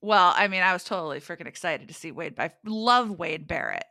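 Bright playful woman podcast host. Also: on the low side, animated, fairly quick, dry recording, studio quality. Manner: playful, enthusiastic, laughs often. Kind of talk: casual chat.

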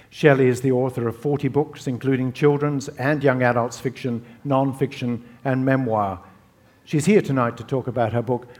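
A man hosts an evening event with an author. He reads a prepared introduction in a measured, formal way. Then he asks his guest a question, hesitating a little with "um" and "uh.". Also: medium pitch, darkish tone. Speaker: event host.

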